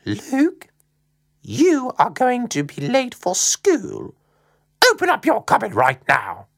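A woman doing a shrill scolding mum. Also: wildly swooping pitch, moderate pace, vocal fry, fairly bright tone, exaggerated voice. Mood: exasperated. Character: frazzled scolding mother, middle-aged woman.

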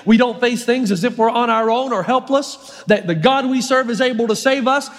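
A man's voice: very high voice, normal speed, few pauses. A male pastor preaching a sermon, storytelling and emphatic, with long hall reverb. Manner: storytelling, emphatic, varies his pace.

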